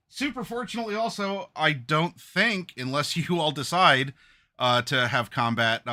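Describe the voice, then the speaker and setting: Bright-voiced male game master. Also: mid-range voice. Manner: chatty, filler-heavy, laughs often. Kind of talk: casual chat.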